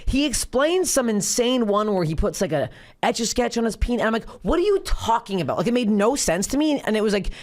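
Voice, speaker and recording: Fast-talking profane comedian host. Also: female voice, on the high side. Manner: rapid, profane, animated storytelling with many restarts. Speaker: podcast host. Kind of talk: casual chat, storytelling.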